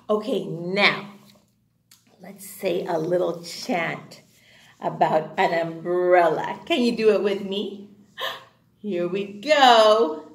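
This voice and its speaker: A high-pitched woman teaches a phonics lesson to small children, her voice leaping all over the place as she speaks. She talks slowly and cheerfully in an exaggerated sing-song. The room around her sounds echoey. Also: sing-song, fairly bright tone. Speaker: kindergarten teacher.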